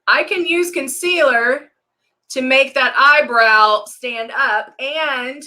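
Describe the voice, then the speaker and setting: A woman's voice: high voice, slow, bright, forceful tone. A middle-aged woman hosting a makeup live stream, chatting casually as she works and greeting viewers by name. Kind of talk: casual demo chat.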